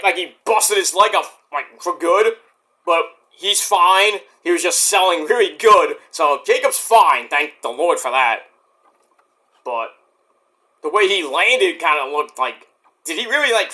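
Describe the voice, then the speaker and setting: Excitable high-voiced young man ranting. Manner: excitable and rambling, swears, jumps to shouts. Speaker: wrestling reviewer. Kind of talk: casual spoken event review.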